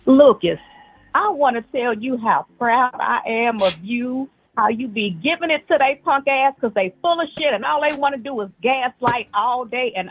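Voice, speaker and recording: A woman calling into a live show, enthusiastic and full of praise. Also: fairly high pitch. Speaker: caller. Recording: breathy voice over a tinny phone line.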